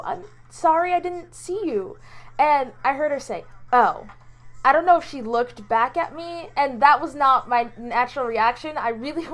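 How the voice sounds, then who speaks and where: A young college woman chats casually about her day in a vlog. Her voice sits fairly high, and she rambles along with frequent ums and restarts. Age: about 20, college student. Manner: rambling, with many ums, restarts and small laughs. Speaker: vlogger.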